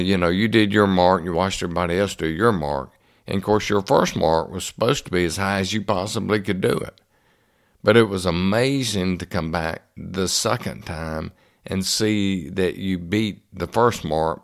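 A man talks in a deep, low register, and his voice has a gravelly, fried edge. He spins a personal story in a folksy, homespun way and takes his time with it, the way a speaker does when he wants to make a point to the people listening. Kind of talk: storytelling talk.

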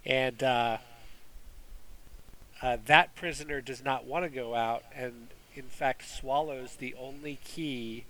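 A man's voice: mid-range voice, fairly even intonation, slow, fairly bright tone, slight background noise, low-quality recording. A man hosting a casual movie review chat, rambling with fillers and restarts. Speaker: movie review podcast host.

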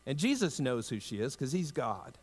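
A male pastor preaching a sermon in a conversational way, lifting his voice for emphasis and dropping it low and soft for tender asides. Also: very animated, moderate pace, husky. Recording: long hall reverb.

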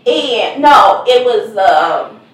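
A mother from Kansas City telling lively family stories with a Missouri accent, acting out voices and laughing often. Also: on the high side, very slow, far from the mic. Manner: animated storyteller who acts out quotes and laughs often. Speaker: mother of the victim. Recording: echoey room, voice from afar.

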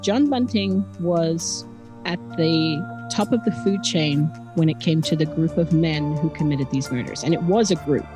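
A woman's voice: low-pitched, a little slow, music in the background. A woman with an Australian accent, co-hosting a true-crime podcast and explaining the story in an earnest, conversational way. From Adelaide, South Australia. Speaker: podcast co-host.

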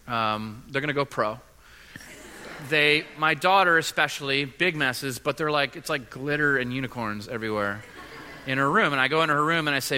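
A man preaching a sermon as a pastor, earnest and halting, often repeating his words. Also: medium pitch, bright, forceful tone, slight background noise. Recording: long reverb of a large hall.

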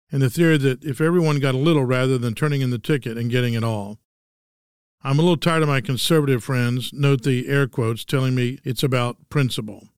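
A man's voice: mid-range voice, clear, resonant tone, dry recording. A man in his sixties with a Texan accent, hosting a scripted monologue with dry, wry humor. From Texas. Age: 60s. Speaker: host.

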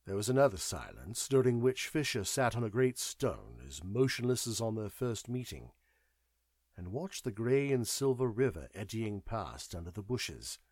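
An audiobook narrator, male, reads a scripted story in an expressive storytelling style. His voice is fairly low and paced normally, captured as a dry, studio-quality recording.

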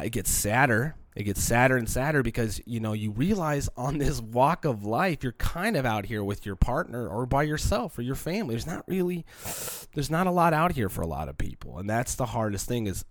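Congested and coughing with a cold, a young man hosts a solo podcast, talking in a rambling, candid, profane and emotional way. His voice is fairly low in pitch, and there is no room sound.

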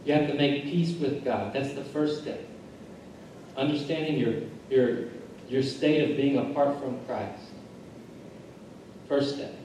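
A male pastor delivers a sermon in an earnest, mellow voice that sits a little high, circling back over his phrases as he builds each point. He is heard from a distance in a big, booming hall, with faint noise underneath. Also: unhurried, long pauses. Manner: earnest preaching with repeated phrases and restarts. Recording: echoey church hall recording from far off.

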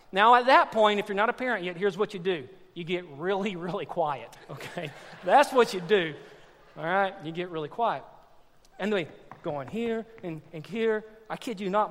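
A man preaching a sermon as a pastor, animated and joking, swinging from loud exclamations to hushed asides. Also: sits high, big-room sound.

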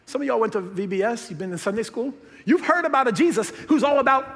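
A man preaching a sermon as pastor, swinging between hushed lines and loud, excited bursts. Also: very high-pitched, fast. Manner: animated, swinging from hushed to shouted. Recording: long hall reverb.

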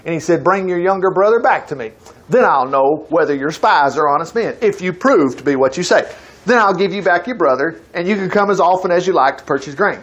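A preacher with a high voice tells a Bible story to his congregation. His pitch leaps around as he acts out the characters' lines. He repeats words now and then, then carries on. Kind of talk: sermon reading and explaining scripture.

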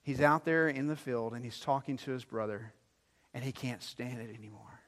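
A man preaching a sermon as pastor, animated, swinging between loud emphasis and hushed low lines. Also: moderate pace, in a large hall.

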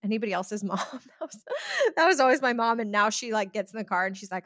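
Woman, podcast host, chatty, acts out quotes, higher voice, close dry sound. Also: expressive, a little fast, fairly bright tone, no echo. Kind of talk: casual podcast talk.

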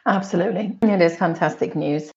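Woman panelist with gravelly low voice. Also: a little fast, darkish tone, dull audio. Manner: thoughtful, hesitant restarts. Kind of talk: casual panel discussion.

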